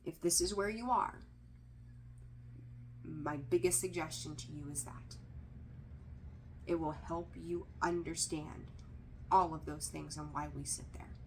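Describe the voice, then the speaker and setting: Woman tarot reader, lower register, blunt and emphatic, loose casual delivery, slight background hiss. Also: fairly even intonation, unhurried, long pauses. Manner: direct and emphatic, repeats key phrases; candid, mildly profane asides. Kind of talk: casual tarot reading to camera.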